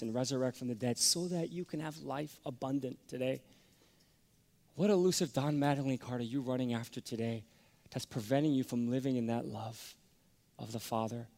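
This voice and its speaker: A man preaching a sermon, telling a personal story that swings from hushed to loud. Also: medium pitch. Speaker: pastor. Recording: long hall reverb.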